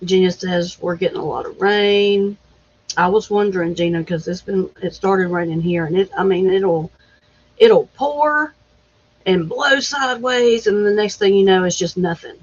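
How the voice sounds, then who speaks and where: A woman's voice: medium pitch, moderate pace. A woman hosting a casual live chat, greeting viewers by name and laughing easily. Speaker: livestream host. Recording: dull lo-fi stream audio.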